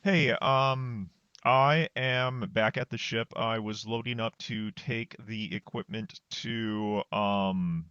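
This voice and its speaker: A man takes part in a tabletop game, talking slowly and hesitantly with frequent ums. His voice is lowish and dry, and it comes over a dull, muffled mic. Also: steady tone, a bit bright, clear, resonant tone, no room sound. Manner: slow, hesitant, many ums. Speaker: player. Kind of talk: in-character tabletop message.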